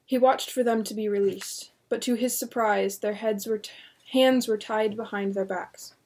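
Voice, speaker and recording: A woman reading a horror novel aloud in a steady, measured narration. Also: medium pitch. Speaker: audiobook reader.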